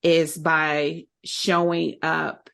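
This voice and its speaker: A woman's voice: deep voice, flat delivery, very slow, creaky. A woman hosting a podcast interview, affirming her guest and asking closing questions. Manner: warm, affirming, encouraging. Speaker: podcast host.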